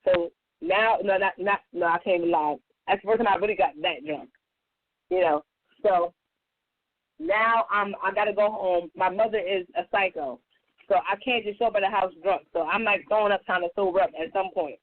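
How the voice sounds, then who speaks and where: A woman on a radio talk show telling a personal story in a casual, profane, animated way. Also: moderate pace. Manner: animated, profane, acts out quotes in a higher voice. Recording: tinny phone-like radio audio.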